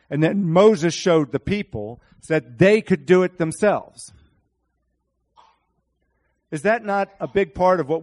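A man preaching a sermon, animated, speaking to his congregation by name and acting out Bible scenes in different voices. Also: fairly high pitch.

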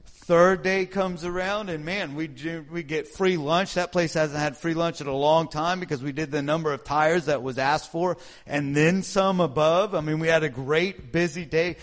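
A middle-aged man preaching an informal testimony in a fairly high voice. He talks with lively energy, throws questions out to his listeners and acts out his own prayers and worries. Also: moderate pace.

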